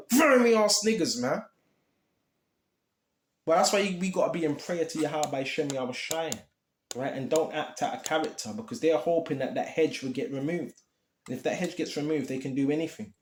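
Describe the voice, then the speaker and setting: High-voiced man preaching in an echoey room. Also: a little hiss or hum. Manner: impassioned, repetitive, streetwise slang. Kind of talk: informal preaching.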